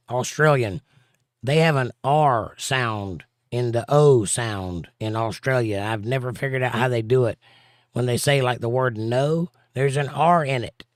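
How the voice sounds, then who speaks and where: A Southern-accented man hosts a relaxed live chat stream, reading comments aloud and answering them with dry, sardonic wit. His voice sits at a middle pitch and sounds close and dry, with little room echo. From southern United States. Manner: dry, sarcastic, drawling asides. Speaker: livestream host reading chat. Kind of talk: casual chat.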